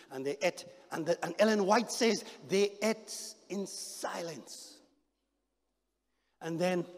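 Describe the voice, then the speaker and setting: A man's voice: high-pitched, vocal fry, darkish tone, long reverb tail. A male pastor preaching a sermon with repeated phrases and calls to the congregation. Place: large church.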